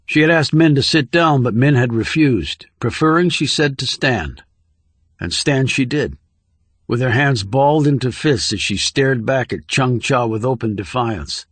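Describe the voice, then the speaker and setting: A male audiobook narrator with a mid-pitched voice reads a thriller in a measured, steady way. The sound is dry and close, with no room around it. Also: no room sound. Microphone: close studio microphone.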